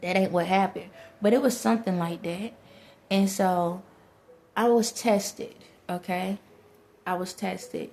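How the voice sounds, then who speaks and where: A woman's voice: mid-range voice, steady tone, measured pace, darkish tone. A woman, talking to her viewers in a rambling spiritual monologue, laughing often and speaking to presences only she feels.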